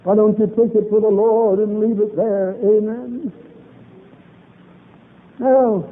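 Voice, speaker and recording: A man's voice: sits high, fairly even intonation, slow, long pauses. A man preaching a revival sermon, fervent and emphatic, repeating lines for emphasis. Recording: tinny old lo-fi recording.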